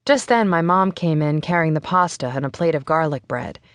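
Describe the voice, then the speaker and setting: Female audiobook narrator, lower voice, measured first-person read, dry booth sound. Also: dry recording.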